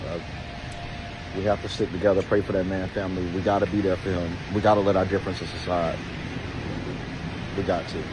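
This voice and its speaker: A man speaks in a lowish voice in an emotional video message, halting and close to tears. He stumbles and repeats himself as he struggles for words. Traffic noise runs steadily behind him. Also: level tone. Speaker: social media creator.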